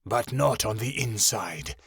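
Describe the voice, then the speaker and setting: A man voicing a wise white tiger guardian with a deep, rough, rumbling voice, calm and measured. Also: dry recording, clean studio sound, exaggerated voice.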